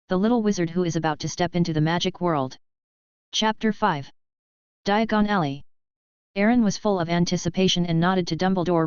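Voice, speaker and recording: A woman reading a fantasy audiobook in an even, steady narrating voice, close to the mic. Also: fairly low pitch, brisk, clean tone, no echo. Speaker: audiobook reader. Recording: dull, lo-fi, dry.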